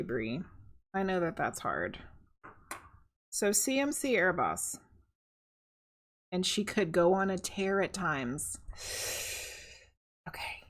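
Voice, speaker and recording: On a live stream, a soft-spoken, chatty woman psychic medium does a tarot reading, reading the chat aloud and thinking out loud. Her voice is fairly low-pitched.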